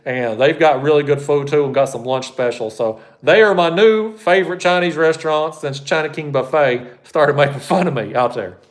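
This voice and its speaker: A man's voice: on the high side, normal speed, hardly any pauses. A man hosting a fishing channel, answering viewer questions on a live stream in a blunt, folksy, rambling way.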